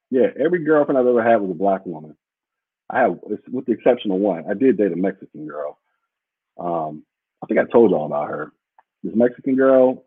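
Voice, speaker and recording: Man, podcast host, casual livestream chat, rambling and blunt, husky voice, tinny phone-like sound. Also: on the low side, no echo. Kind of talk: casual livestream chat reading viewer comments. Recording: muffled phone-like audio.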